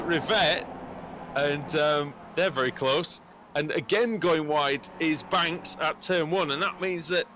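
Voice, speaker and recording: A man commentating on a sim race, getting excited and loud at each incident. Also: sits high, slight background noise. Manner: excitable, rising sharply at incidents.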